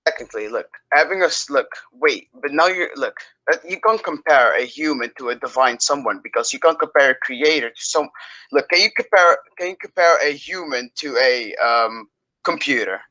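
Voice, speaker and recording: A man debating religion as a caller, halting and often restarting his sentences. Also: medium pitch, bright, forceful tone, muffled recording.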